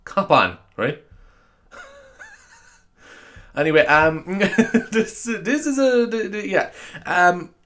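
A man's voice: high-pitched, big pitch swings, takes it slowly, long pauses, fairly bright tone. Tired, rambling Irish man. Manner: rambling, self-mocking, laughs often. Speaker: podcast host. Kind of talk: casual solo podcast chat.

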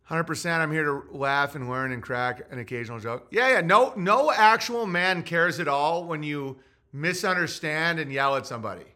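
A man hosting a livestream podcast, rambling loudly and mockingly while reading out chat comments. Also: on the high side, lively intonation, moderate pace. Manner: loud, rambling and mocking, often swinging into mock voices. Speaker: podcast host.

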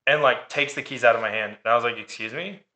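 A man's voice: medium pitch, quick pace, sharp tone. A man telling a dating story in casual chat, sarcastic and swearing freely. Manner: sarcastic, profane.

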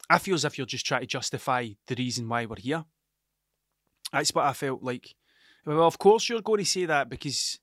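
A man's voice: fairly high pitch, a bit bright, dry recording, clean studio sound. A young Scottish man talking in a sweary, rambling monologue, often cutting himself off and restarting, as the host of his own show. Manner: sweary, rambling, self-interrupting. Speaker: podcast host.

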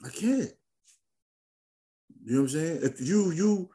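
A man hosting a podcast in casual chat, talking in an animated, slangy, emphatic way. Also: a little high, a little slow, long pauses. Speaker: podcast host.

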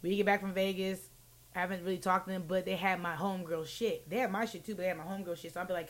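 A woman's voice: lowish voice, steady tone, rapid-fire. A woman co-hosting a casual podcast, telling a wild story with lots of profanity and acted-out quotes. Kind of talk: casual chat.

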